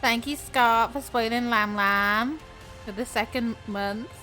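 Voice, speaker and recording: Young woman, vtuber streamer, bright voice, slow relaxed talk, teasing and giggly, soft music behind. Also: a little high. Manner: giggly, teasing, laughs often. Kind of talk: casual live-stream chat with viewers.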